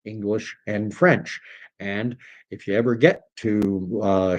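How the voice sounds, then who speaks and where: A man's voice: medium pitch, darkish tone. A man from Canada hosting a casual livestream, reading viewer comments aloud and rambling between topics, dropping in French phrases as he goes. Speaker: livestream host reading chat.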